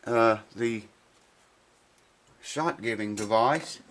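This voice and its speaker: A man's voice: on the low side, drawn-out words, a bit bright, a little hiss or hum, low-quality recording. A man chatting casually on his guitar repair vlog while unboxing parts, rambling and thinking aloud in a folksy way.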